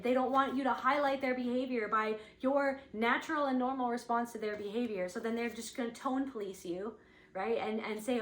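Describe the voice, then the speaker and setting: A woman's voice: fairly high pitch, brisk, roomy sound, low-quality recording. A woman giving an intuitive spiritual reading, thinking aloud in a searching, rambling way, with lots of "like". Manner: searching, rambling, heavy use of "like".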